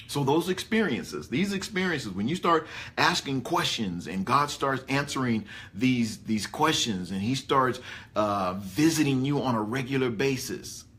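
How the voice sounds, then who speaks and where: A man preaching a conversational sermon, animated and folksy. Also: mid-range voice, unhurried. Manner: animated, folksy, rising excitedly on key points. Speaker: pastor.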